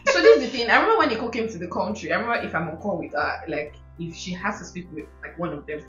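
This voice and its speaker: A woman's voice: on the low side, very fast. A young woman telling stories in casual chat, laughing often and mimicking how others talk. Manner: expressive storyteller, mimics accents, laughs often. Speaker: guest, host's sister. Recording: roomy, dull sound with faint music.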